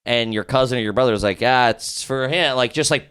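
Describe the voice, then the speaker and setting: A man's voice: mid-range voice, a little fast, fairly bright tone, smooth. A man co-hosting a podcast, telling a rambling story full of swearing and quoted back-and-forth. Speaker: podcast co-host. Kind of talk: casual storytelling chat.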